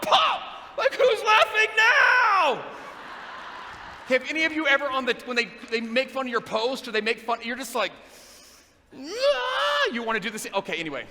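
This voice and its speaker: A man giving a motivational talk, telling a story and asking the audience questions in an animated way. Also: high-pitched. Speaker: motivational speaker. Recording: long reverb of a big hall, faint noise.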